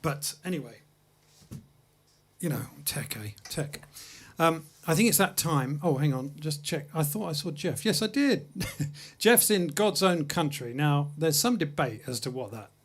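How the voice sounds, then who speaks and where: A man's voice: a little high, very animated, normal speed. A man from England hosting a music livestream, chatting casually between songs in a studio with self-deprecating, anecdotal humor. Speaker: host and jazz pianist-singer.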